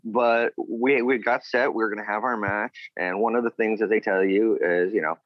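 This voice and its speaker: Male guest, lower voice, easygoing storyteller, dry lo-fi sound. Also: steady tone, normal speed, no room sound. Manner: rambling, acts out quotes of others. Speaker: former wrestler, guest. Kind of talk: casual storytelling interview.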